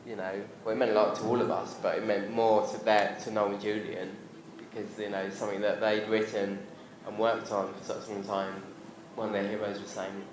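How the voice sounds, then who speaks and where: A man's voice: lowish voice, flat delivery, fairly quick, few pauses. A man from England chatting casually as a convention panel guest, rambling and laughing as he acts out family voices. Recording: echoey hall, noisy crowd room.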